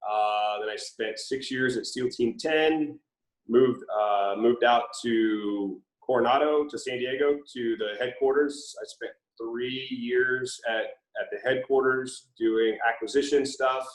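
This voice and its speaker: A middle-aged man from Mississippi with a faint Southern accent, a former Navy SEAL telling stories in a relaxed way with many fillers during an interview. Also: mid-range voice, measured pace, echoey room, poor audio. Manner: relaxed storytelling with frequent fillers. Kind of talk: casual interview conversation.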